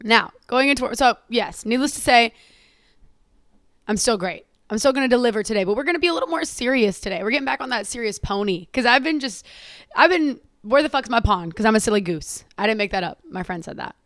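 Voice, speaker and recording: Sassy, tired, slightly hoarse woman host. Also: on the high side, lively intonation, fairly quick, fairly bright tone, no echo, clean studio sound. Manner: sassy, profane, laughs often, talks to listeners as "girl" and "queen". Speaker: podcast host. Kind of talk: casual solo podcast chat.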